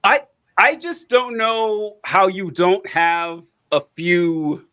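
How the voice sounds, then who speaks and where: A man co-hosting a livestream, chatting excitably about a debate and often laughing. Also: sits high, slow, dry recording. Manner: excitable, laughs between remarks. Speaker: livestream co-host. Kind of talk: casual political debate chat.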